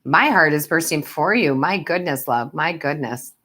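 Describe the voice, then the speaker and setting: A woman's voice: low-pitched, lively intonation, moderate pace, bright, forceful tone. A woman giving tarot readings on a live stream, who chats with her viewers, calls them love and sweetheart, and laughs often. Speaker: tarot reader and medium.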